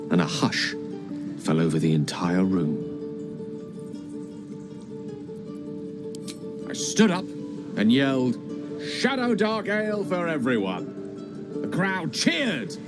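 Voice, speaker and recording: Witty, vain wizard in a game. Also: male voice, mid-range voice. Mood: storytelling. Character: charming, self-assured human male wizard scholar. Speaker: game character. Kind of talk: video game voice acting. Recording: game audio with music underneath. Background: game music.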